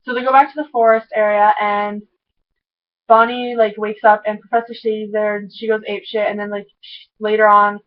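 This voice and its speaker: A woman giving an excitable, rambling recap of a TV episode, full of "like" and tangents. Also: mid-range voice, fairly quick, phone-quality sound. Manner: excitable, rambling, heavy use of "like". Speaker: TV episode reviewer. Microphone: camera mic.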